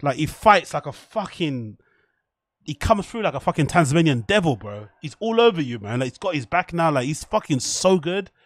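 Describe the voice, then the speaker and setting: A man's voice: fairly high pitch, big pitch swings, moderate pace, dry recording. A man hosting a live stream, rambling and swearing as he reacts to a fight and reads out chat. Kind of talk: casual live-stream commentary.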